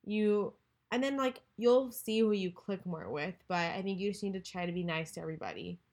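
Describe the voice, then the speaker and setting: A woman's voice: mid-range voice, a little mellow. A young woman co-hosting a podcast, reading out questions and chatting casually. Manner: reads out questions, brisk and friendly. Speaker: podcast co-host. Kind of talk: casual chat.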